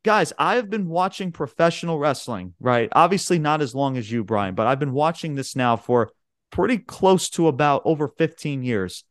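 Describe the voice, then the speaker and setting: Male podcast co-host, hyped rambling recapper, swears a lot, slightly high voice. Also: normal speed, no room sound, studio quality. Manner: excitable, swears often, says "bro" and "man"; rambling play-by-play retelling. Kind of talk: casual chat.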